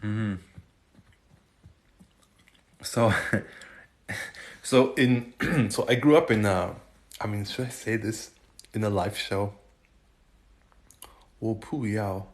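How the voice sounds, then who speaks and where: A man from Germany hosting a casual livestream, chatting with viewers and haltingly trying out Chinese phrases. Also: on the low side, gravelly, darkish tone. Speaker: livestream host. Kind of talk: casual live chat answering viewers.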